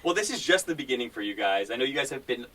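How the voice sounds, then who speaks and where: Fast-talking upbeat male radio host. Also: mid-range voice, animated, bright, forceful tone, distant mic, rough recording. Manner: fast, upbeat and joking, laughs often. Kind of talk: casual interview. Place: radio station lounge.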